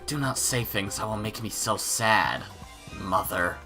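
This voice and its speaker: A man voicing a creepy, mysterious young man who speaks softly, quietly and deliberately. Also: fairly low pitch, over music, natural voice. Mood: menacing. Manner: soft, quiet, eerie, deliberate.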